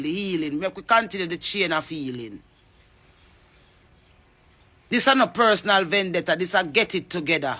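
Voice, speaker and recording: A woman's voice: lowish voice, pushed and bright. A Jamaican woman giving an impassioned address to her audience, calling people out by name and mixing patois into her English. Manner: fervent, calls out names, mixes patois with English. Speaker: reggae artist speaking out. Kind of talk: impassioned social media address.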